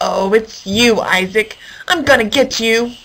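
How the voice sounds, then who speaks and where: A big lonely hippo moans about being left alone, his calls plaintive and sorrowful, as a woman reads him aloud. He speaks in a fairly high voice for a storybook creature. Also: unhurried, fairly bright tone, slight background noise. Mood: grumpy.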